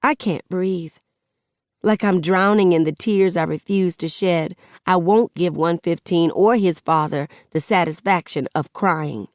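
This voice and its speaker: A woman reading a first-person audiobook in a measured, expressive way. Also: on the low side, no room sound, clean studio sound. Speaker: audiobook narrator.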